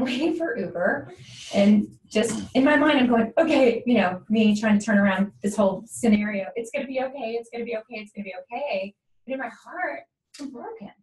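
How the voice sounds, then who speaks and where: A woman's voice: fairly high pitch, darkish tone. A woman hosting a talk show, telling a candid and emotional personal story and often checking in with "right?". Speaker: podcast host. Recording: echoey room, mic at a distance, faint noise.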